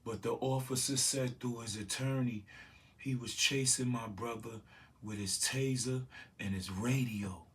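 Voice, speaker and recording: A man's voice: medium pitch, fairly even intonation, unhurried, a bit bright, far from the mic. Grieving man speaking from off the mic. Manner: raw, grieving, urgent. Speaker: victim's brother facing charges. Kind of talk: emotional personal testimony.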